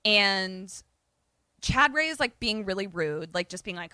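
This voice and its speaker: Bright-voiced woman recapping a movie. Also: medium pitch, measured pace, no room sound. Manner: animated retelling, acts out characters' lines. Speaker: podcast co-host.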